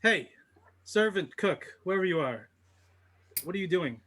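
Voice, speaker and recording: A man's voice: high voice, lively intonation, measured pace, a bit bright, pitched above the performer's own voice, heavily acted. A man voicing a smug, arrogant male mercenary in a tabletop game, talking down to others. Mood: condescending. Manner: condescending, smug.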